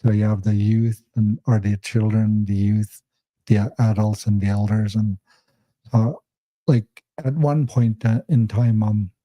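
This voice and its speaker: Male organizer, flat hesitant delivery, dark mellow tone. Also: lowish voice, a little slow, no room sound. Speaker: workshop organizer. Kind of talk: casual live-stream chat.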